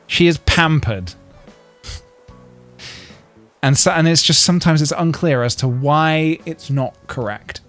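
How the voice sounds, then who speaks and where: A man's voice: on the high side, moderate pace, a bit bright. A man chatting casually while streaming a game, rambling and laughing often. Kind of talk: casual gameplay commentary. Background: faint game music.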